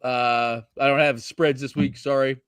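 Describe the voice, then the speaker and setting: A man hosting a casual sports talk show, animated and loose, swearing freely as he reads out the standings. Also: mid-range voice, a little slow, clear, resonant tone, dry recording. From Seattle area. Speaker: podcast host.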